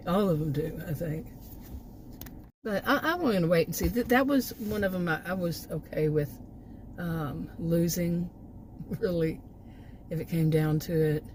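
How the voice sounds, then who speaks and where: A woman vlogger with a worn, hoarse voice, chatting in a rambling casual way from inside her car, often restarting her sentences and laughing softly. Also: on the low side, measured pace, long pauses, poor audio. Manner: meandering, frequent restarts and soft laughs. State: voice worn out, hiccups. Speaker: vlogger doing food deliveries. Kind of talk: rambling casual chat while driving. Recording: loud car noise behind.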